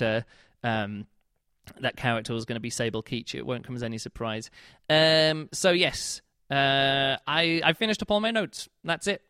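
A man's voice: a little high, bright, forceful tone, no room sound, clean studio sound. A man giving a casual spoken book review, chatty and rambling, with many fillers and restarts.

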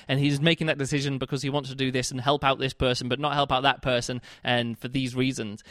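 A man's voice: mid-range voice, quick pace, few pauses, fairly bright tone, no room sound, clean studio sound. A man giving a casual spoken book review, chatty and rambling, with many fillers and restarts.

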